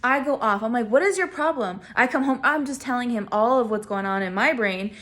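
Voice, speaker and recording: A young woman telling a personal story to camera in a casual, self-mocking way. She laughs often and acts out quoted lines with big swings in pitch. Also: fairly even intonation, fairly quick, a bit bright. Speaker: vlogger.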